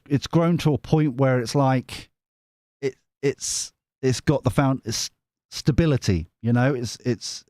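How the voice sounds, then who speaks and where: A man's voice: fairly high pitch, darkish tone, no room sound, studio quality. A man giving a tarot reading on a live stream, chatty and rambling, often mocking himself. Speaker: tarot reader.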